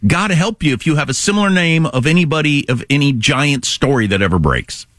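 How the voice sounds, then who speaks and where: Lively-pitched middle-aged man rambling on talk radio. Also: fairly quick, no echo, clean studio sound. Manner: rambling, conversational storytelling. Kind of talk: casual talk radio chat.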